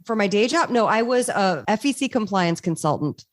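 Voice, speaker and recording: A woman's voice: medium pitch, normal speed, no echo, studio quality. A woman actress and voice actor, talking as a podcast guest and telling stories with energy and frequent laughter. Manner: animated storyteller, laughs often. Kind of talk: casual interview chat.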